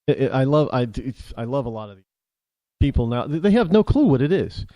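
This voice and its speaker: Rambling American man with a lively voice. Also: medium pitch, no room sound. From United States. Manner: rambling, halting, with many restarts. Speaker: talk show host. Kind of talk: opinionated monologue.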